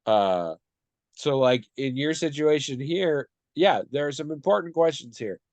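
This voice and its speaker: A man co-hosting a podcast, talking through a question in a thoughtful, measured way. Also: on the high side, animated, darkish tone, dry recording. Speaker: podcast co-host. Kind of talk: casual discussion.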